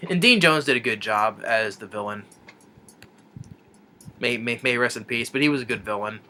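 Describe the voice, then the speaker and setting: A man's voice: mid-range voice, moderate pace, sharp tone, slight background noise. A man reviewing a film, retelling the plot in a rambling, casual way with many restarts and chuckles.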